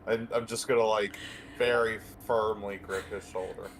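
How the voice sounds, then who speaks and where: A man playing a fiend character in a tabletop game, speaking deliberately and laying out threats in character. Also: on the low side, steady tone, a little hiss or hum. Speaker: player.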